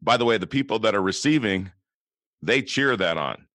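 A man's voice: fairly low pitch, expressive, moderate pace, a bit bright, no echo. A man with a West Coast American accent, co-hosting a podcast in casual chat and often asking rhetorical questions. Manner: conversational, asks rhetorical questions. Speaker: podcast co-host.

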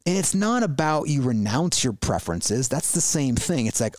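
A man co-hosting a podcast, talking in a casual, reflective and animated way and often restarting his words. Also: mid-range voice, normal speed, no echo. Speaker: podcast co-host.

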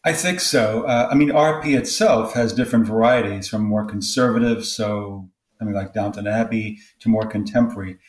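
A man's voice: on the low side, normal speed. A man, a guest sociolinguist, giving thoughtful, expansive interview answers. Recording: roomy echo.

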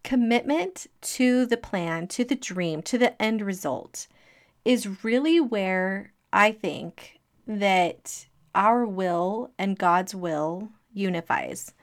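A middle-aged woman telling a personal story as a motivational talk, lively and laughing as she acts out what people said. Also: medium pitch, slow. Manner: animated, acting out quoted speech, laughing between lines.

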